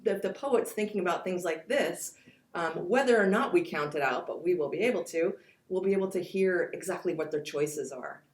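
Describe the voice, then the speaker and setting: A woman with a fairly low voice and a roomy sound teaches poetry, introducing her course. She explains with spoken examples, reading lines of verse aloud to show how they sound.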